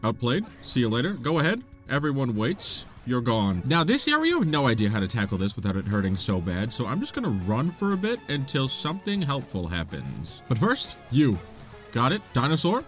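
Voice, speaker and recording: A man's voice: medium pitch, wildly swooping pitch, normal speed, a bit bright. A young man giving playful, dramatic let's-play commentary, trash-talking enemies and panicking in bursts. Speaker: gaming YouTuber. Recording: faint game music behind. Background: game music.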